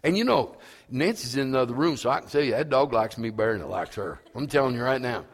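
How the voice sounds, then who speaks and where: A man's voice: mid-range voice, animated, fast, husky. A man preaching a sermon as a pastor, telling a homespun story and building to fervent, emphatic preaching. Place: church. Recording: reverberant church hall.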